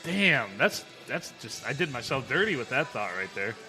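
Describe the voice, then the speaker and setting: A man's voice: medium pitch, moderate pace. A man co-hosting a podcast live from a tavern, joking crudely and laughing at himself. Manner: animated, crude, self-deprecating, frequent laughter. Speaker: podcast co-host. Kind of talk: crude comedic bar banter. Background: music.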